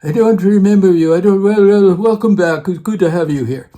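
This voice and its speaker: A man's voice: high-pitched, brisk, dark tone, lightly acted. A man imitating an old male theater professor with a Russian accent, brusque in manner.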